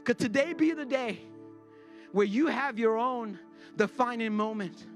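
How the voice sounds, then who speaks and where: A man's voice: very high voice, measured pace, faint music behind. A man in his forties, a pastor preaching a sermon to his congregation. He speaks earnestly and confessionally and repeats words when worked up. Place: church sanctuary before a congregation.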